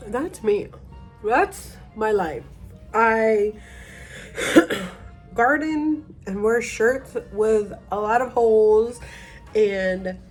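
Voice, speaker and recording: A tipsy woman rambling through a casual vlog, mocking herself, trailing off and restarting her sentences. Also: on the high side. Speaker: vlogger.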